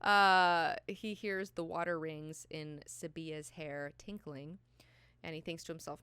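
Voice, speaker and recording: A woman hosting a book club, recapping chapters in a profane, animated way and paraphrasing characters in slang. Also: low-pitched, slow pace, clean tone, no room sound.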